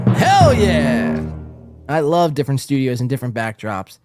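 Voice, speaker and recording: A man's voice: medium pitch, wildly swooping pitch, normal speed, darkish tone, soft background music. A young man hosting a podcast in casual chat, brash, teasing and profane. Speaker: podcast host.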